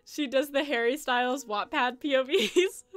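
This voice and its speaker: A young woman with a high voice chats casually on a livestream while playing a game, talking at a moderate pace. She rambles, giggles, and teases herself over game music, with no room sound on the recording.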